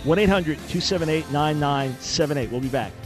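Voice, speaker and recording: A man hosting a call-in radio talk show, speaking in an emphatic, animated preaching style with sudden loud peaks. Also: on the high side, a little fast, over loud music.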